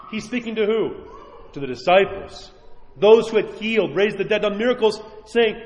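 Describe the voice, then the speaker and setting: A man with a high-pitched voice preaches in an echoey church, his words hanging in a long reverb. He talks earnestly and conversationally, then slows down hard on the points he wants to land. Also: animated, a little hiss or hum. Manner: earnest, conversational preaching with sudden slowed emphasis. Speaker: priest. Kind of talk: sermon.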